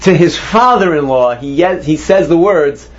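A man's voice: fairly high pitch, expressive, normal speed. A man teaching a Torah class, posing questions to his students and mixing Hebrew terms into his explanations. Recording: dull lo-fi recording.

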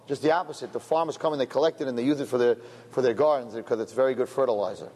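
A man, a rabbi, telling a parable in a sermon as an animated storyteller who drops in Yiddish words. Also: mid-range voice, racing, slightly rough. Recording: lecture hall reverb, faint noise.

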